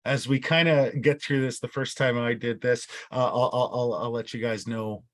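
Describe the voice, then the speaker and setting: A man's voice: mid-range voice, fairly even intonation, normal speed. A man leading an online workshop. He talks casually and often repeats words and restarts his phrases. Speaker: workshop facilitator.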